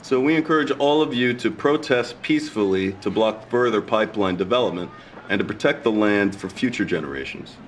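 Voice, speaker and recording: A man's voice: lowish voice, fairly quick, far from the mic, slight background noise, close to an everyday voice. A man in a game role giving a scripted, earnest activist statement. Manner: earnest, urging. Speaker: protest video speaker.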